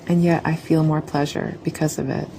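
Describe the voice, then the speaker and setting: Gravelly low woman, earnest and reflective. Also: level tone, fairly quick, warm tone, slight background noise, low-quality recording. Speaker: therapy client. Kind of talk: speaking in a therapy session.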